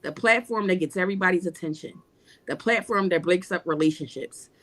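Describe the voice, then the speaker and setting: A woman's voice: lowish voice, fairly quick, a bit bright. Emphatic woman preaching in casual talk. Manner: emphatic, repetitive preaching cadence. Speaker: guest. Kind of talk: casual spiritual talk on a livestream panel.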